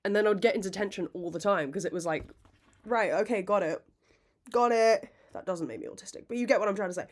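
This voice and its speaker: A young woman hosting a casual podcast, rambling, self-mocking and quick to laugh, swearing freely. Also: medium pitch. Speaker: podcast host. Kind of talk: casual chat.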